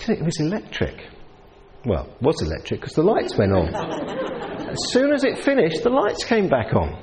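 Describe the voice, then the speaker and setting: A man's voice: on the high side, normal speed, a crowd in the background. Guy preaching a sermon in a big hall, lots of reverb, voice jumping up and down as he tells the story. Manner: lively storytelling with voiced characters. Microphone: handheld mic. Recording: long hall reverb, faint ambience.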